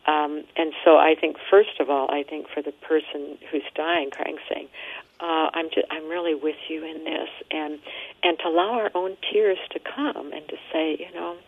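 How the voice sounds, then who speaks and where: A woman, a nun and hospice worker, speaking as a guest in an interview about grief and dying, gently and reflectively, often repeating words as she thinks. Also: low voice, moderate pace, creaky. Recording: tinny phone line.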